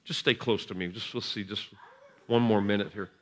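A man preaching at a revival service in a church, laughing and shouting bursts, gentle with the children he blesses. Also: lowish voice, fairly even intonation, fairly quick. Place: church sanctuary.

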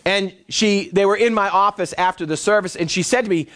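A man's voice: sits high, brisk, hardly any pauses. A male pastor preaching a sermon to his church congregation, acting out the voices of the people in his stories. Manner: animated storytelling preacher, acts out voices.

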